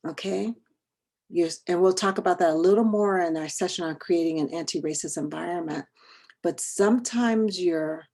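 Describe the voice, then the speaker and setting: A woman leading a training session over a video call, talking conversationally and quizzing her group with quick questions. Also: lowish voice, warm tone. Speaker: workshop trainer.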